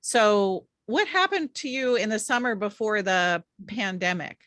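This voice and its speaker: A woman hosting an interview over a video call, framing questions in a measured way. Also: medium pitch, lively intonation, fairly bright tone, dry recording, studio quality. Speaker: host. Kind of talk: interview conversation.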